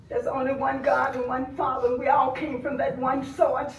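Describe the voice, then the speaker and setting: An older woman giving impassioned public comment at a board meeting, swinging between soft grief and loud anger. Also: sits high, little pitch movement, moderate pace, hardly any pauses. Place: village board meeting room. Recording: echoey room, voice from far off.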